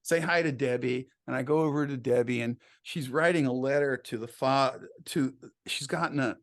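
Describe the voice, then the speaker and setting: A man's voice: medium pitch, moderate pace. A man, a songwriter guest in an interview, telling anecdotes casually, laughing often and acting out the dialogue he quotes.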